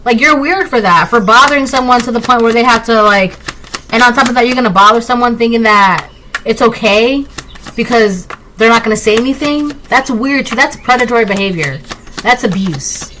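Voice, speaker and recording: A woman's voice: fairly high pitch, brisk, pushed and bright, a little hiss or hum, rough recording. A woman doing a casual tarot reading, talking emphatically and often tagging lines with "right?". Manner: emphatic, repetitive, rhetorical "right?" asides. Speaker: tarot reader.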